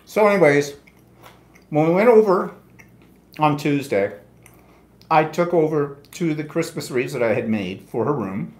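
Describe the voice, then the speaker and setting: A man's voice: on the high side, expressive, a little slow, long pauses, a little mellow, roomy sound. A man co-hosting a live quilting stream, telling long rambling stories in a casual chatty way with many asides. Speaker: co-host of a live quilting show.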